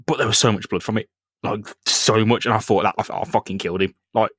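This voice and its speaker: A man's voice: lowish voice, fairly even intonation, fast, fairly bright tone, breathy edge, no echo, studio quality. A young man hosting a podcast, retelling a comic in casual chat, laughing often and acting out the characters. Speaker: podcast co-host.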